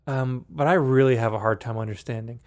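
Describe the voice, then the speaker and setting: A man's voice: mid-range voice, fairly quick, darkish tone. A man co-hosting a music podcast in casual chat, hesitant with many restarts. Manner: hesitant, lots of ums and restarts. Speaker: podcast co-host.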